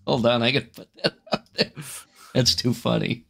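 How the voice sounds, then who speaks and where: A man co-hosting a casual podcast chat, swearing freely, laughing often and breaking into loud joking outbursts. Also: medium pitch, steady tone, normal speed, gravelly. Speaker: podcast co-host.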